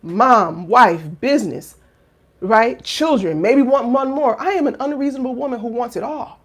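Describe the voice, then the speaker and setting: This life coach in her thirties, who also founded a finishing school, has a fairly high voice and a moderate pace. She speaks casually and sincerely to camera, moving from quiet reflection to loud exclamations, with frequent fillers and rhetorical questions.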